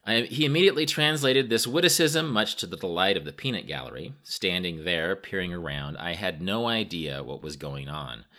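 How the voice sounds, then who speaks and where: Low-voiced guy reading his travel memoir, dry jokey tone, bouncy delivery. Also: expressive, moderate pace, hardly any pauses, pushed and bright. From United States. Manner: wry, self-mocking storytelling. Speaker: narrator. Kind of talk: scripted travel-memoir narration.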